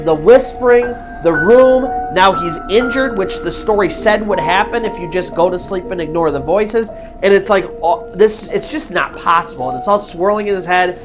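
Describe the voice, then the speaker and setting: A man's voice: on the high side, a bit bright. A man hosting a storytelling channel, retelling a true ghost story in a loose, conversational way with fillers and restarts. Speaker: storyteller host.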